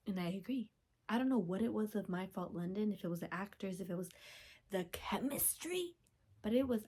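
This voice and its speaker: A young woman hosting a podcast, chatting casually from home, gushing and chatty with sudden whispers and excited squeals. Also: medium pitch, husky. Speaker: podcast host. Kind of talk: casual chat.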